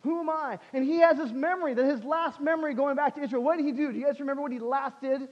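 A man preaching a sermon on a headset mic, animated, swinging between loud bursts and hushed passages. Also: very high voice, rapid-fire, in a large hall, dull audio.

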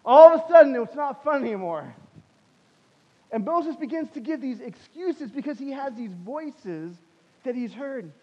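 A man preaching a sermon on a headset mic, animated, swinging between loud bursts and hushed passages. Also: extremely high pitch, measured pace, long reverb tail, lo-fi sound.

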